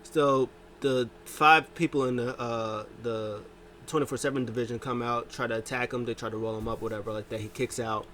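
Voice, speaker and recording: A man casually recapping a wrestling show, telling it with lively jumps into quoted lines. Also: normal speed, slight background noise. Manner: animated retelling, jumps pitch to quote wrestlers.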